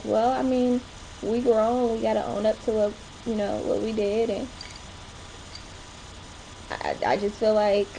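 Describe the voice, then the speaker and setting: A woman's voice: medium pitch, darkish tone, a little hiss or hum, rough recording. A young woman chatting casually in a home vlog, rambling along with short laughs. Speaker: vlogger. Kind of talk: casual chat.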